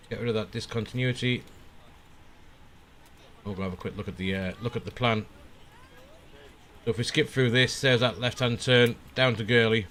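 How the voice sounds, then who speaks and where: A man's voice: on the low side, slight background noise. Easygoing man talking through flight checks. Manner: relaxed, thinking aloud with frequent "uh" pauses. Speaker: flight simulator streamer. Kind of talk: casual live-stream commentary.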